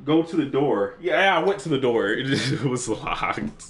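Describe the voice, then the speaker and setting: An excitable man talks through a horror game for his channel, his pitch swinging widely from low mutters to high yelps. His voice has a bright, forceful edge, and he swears freely. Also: normal speed. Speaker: gaming channel host. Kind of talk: let's play commentary.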